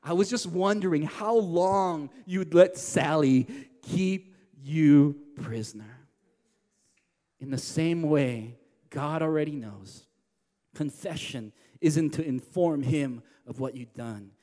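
High-voiced pastor preaching in a reverberant hall. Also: male voice, takes it slowly. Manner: preachy, swings from loud to hushed. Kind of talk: sermon.

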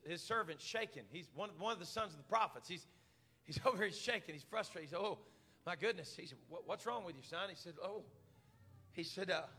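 A man preaching a sermon as pastor, stammering repeats and climbing into shouts. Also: high voice, husky. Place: church hall. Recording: live church hall reverb.

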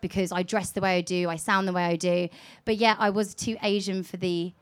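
English radio presenter lady, lively and frank, laughs a lot, live event. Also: on the low side, fairly quick. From England. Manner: candid, animated, laughs often. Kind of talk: live panel talk.

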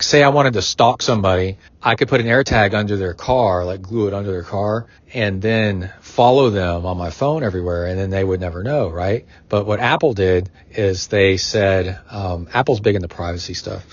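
Middle-aged male podcast host, husky, rambling, casual, muffled lo-fi sound. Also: lowish voice. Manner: rambling, going off on tangents.

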